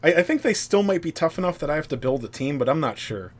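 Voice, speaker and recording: A man's voice: a little high, animated, fast talker. Rambling man in his thirties. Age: 30s. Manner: rambling and self-deprecating, full of fillers. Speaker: game streamer. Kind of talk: casual chat.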